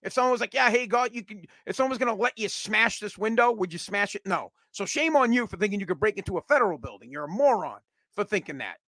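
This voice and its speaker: A man's voice: high voice, very animated, fast talker, a bit bright, no room sound. A man giving a heated, sarcastic political rant, swearing and repeating himself as he gets worked up. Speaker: political commentator.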